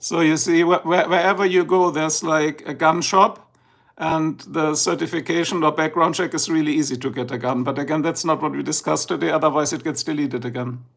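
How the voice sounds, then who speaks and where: A middle-aged German-accented man hosts a livestream in loose, rambling chat, slipping between English and German. His voice sits a little high and has a gravelly, creaky edge. He sounds freshly woken up. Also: steady tone, fairly quick, fairly bright tone. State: just woken up. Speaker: livestream host. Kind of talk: casual livestream talk.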